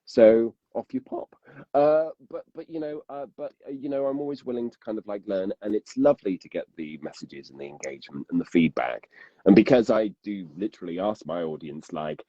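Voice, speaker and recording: A man with a low, dark and husky voice, in casual conversation on a podcast. He rambles and starts his sentences over. The sound is dry and a bit muffled, like a lo-fi recording. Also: fairly quick, no echo. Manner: rambling, self-interrupting, laughs often. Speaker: podcast guest, audiobook narrator.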